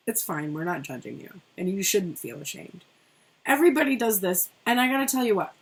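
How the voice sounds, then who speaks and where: A woman's voice: lowish voice, husky. A middle-aged woman giving a casual tarot reading, chatty and rambling, who swears freely. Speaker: tarot reader.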